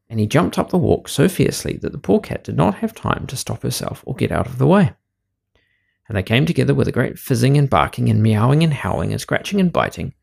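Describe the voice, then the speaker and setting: A man reading a children's story aloud in a lively, expressive way. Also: mid-range voice, gravelly, husky.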